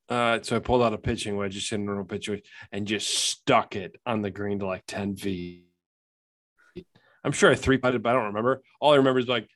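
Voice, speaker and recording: A man's voice: fairly low pitch, fairly quick, a bit bright. A man co-hosting a casual chat, telling rambling stories and laughing often.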